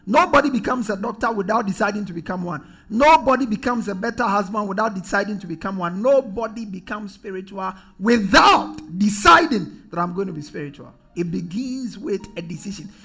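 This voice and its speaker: A man preaching a sermon in church, leading the congregation in call-and-response and often rising to shouts. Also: high-pitched, lively intonation, fairly quick, few pauses, husky.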